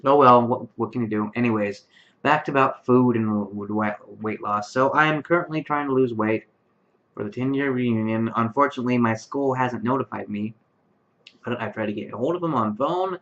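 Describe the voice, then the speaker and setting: A man in his late twenties, tired at a late hour, talks casually to camera in his bedroom with a medium-pitched, somewhat bright voice at normal speed. He rambles as a vlogger, using lots of fillers and restarts, and the webcam microphone records him with dull lo-fi sound.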